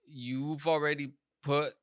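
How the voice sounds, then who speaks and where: A man's voice: a little high, little pitch movement, takes it slowly, fairly bright tone, smooth, dry recording, studio quality. A man hosting a casual podcast, talking in slangy, filler-heavy speech and swearing freely. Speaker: podcast host.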